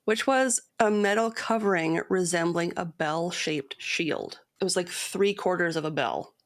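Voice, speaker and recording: A woman co-hosting a podcast, reading a long poem and source quotes aloud in a measured storytelling cadence, then chatting casually. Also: lowish voice. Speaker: podcast co-host.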